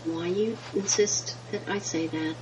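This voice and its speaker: A woman speaking slowly and in a measured way as she explains her position in a video reply. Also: on the low side. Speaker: video blogger in a clipped reply. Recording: distant, noisy clip.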